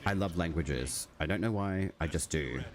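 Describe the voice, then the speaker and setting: This game streamer has a deep voice and moves at a moderate pace. His casual live-stream talk with viewers wanders, packed with "like," and a steady noise hums underneath.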